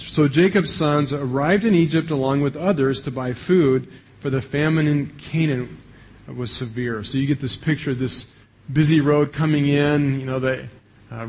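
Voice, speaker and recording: A man's voice: mid-range voice, darkish tone, a little hiss or hum. A man preaching a sermon in a conversational way, with frequent fillers and asides. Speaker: pastor.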